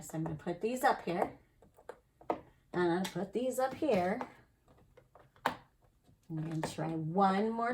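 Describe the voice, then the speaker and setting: A woman's voice: medium pitch, vocal fry, noisy background. A woman teacher giving an early-grade math lesson, counting aloud and asking the children encouraging questions. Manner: slow, encouraging, sing-song counting with questions to kids.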